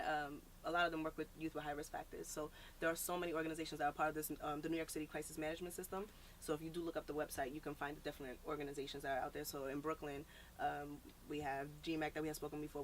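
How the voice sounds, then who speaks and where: A woman's voice: sits low, a little hiss or hum. A woman guest on a podcast, talking earnestly in a casual interview with loose fillers. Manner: earnest, animated, many "like" and "um" fillers. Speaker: podcast guest, nonprofit founder.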